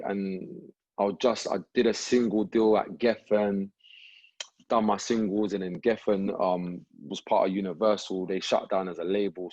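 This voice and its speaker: Husky low-voiced man telling stories. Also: no room sound. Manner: relaxed slangy anecdote telling, frequent "you get me". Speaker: rapper and actor guest. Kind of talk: casual storytelling interview. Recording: slightly muffled podcast recording.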